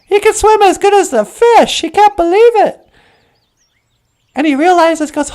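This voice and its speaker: A woman's voice: very high-pitched, measured pace, long pauses. A woman narrating a folk tale and then chatting playfully as co-host. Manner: lively, playful. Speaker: storyteller and co-host.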